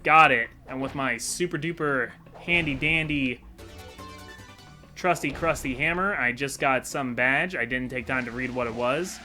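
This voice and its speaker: A man talks his way through a video game in a casual, rambling, self-deprecating manner. His voice is bright and sits at an ordinary pitch. Faint game music runs in the background. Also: measured pace. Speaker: video game let's-play host. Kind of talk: casual gameplay commentary.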